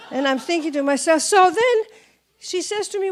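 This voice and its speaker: A woman with a Greek accent giving a motivational talk through animated storytelling. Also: very high-pitched, measured pace, pauses often. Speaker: speaker.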